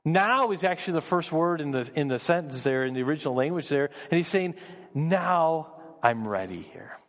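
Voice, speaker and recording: A man's voice: a little high, fast, big-room sound. A man preaching a sermon as pastor, earnest, often repeating words as he builds emphasis.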